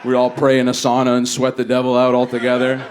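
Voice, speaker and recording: A male comedian working a stand-up set, his voice sitting at an everyday middle pitch. He talks in a laid-back, conversational way and jumps up high and loud when he acts out other people. A faint noise runs under the stage recording. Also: monotone, fast. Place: comedy stage before a laughing audience.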